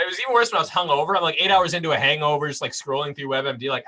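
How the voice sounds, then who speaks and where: A man's voice: fairly high pitch, quick pace, bright, forceful tone, poor audio. A man in his late twenties doing a dry, self-deprecating stand-up set over a video call. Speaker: stand-up comedian.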